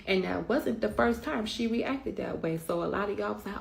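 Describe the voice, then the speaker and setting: A woman's voice: mid-range voice, moderate pace, gravelly. A middle-aged woman speaking bluntly and with emphasis, often swearing, as a mother telling her side in a storytime rant. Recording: roomy echo.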